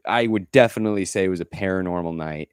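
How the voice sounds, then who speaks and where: Quick-paced and low, this man's clean voice comes through studio audio without any room sound. As a podcast co-host in casual chat, he wanders through stories with plenty of fillers and false starts, doing impressions of people when he quotes them.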